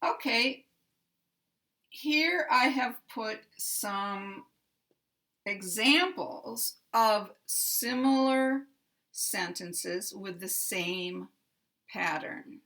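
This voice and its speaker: An American woman teaching English pronunciation, slowly pronouncing and repeating single words with careful articulation. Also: medium pitch, sharp tone. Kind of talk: slow, deliberate pronunciation lesson.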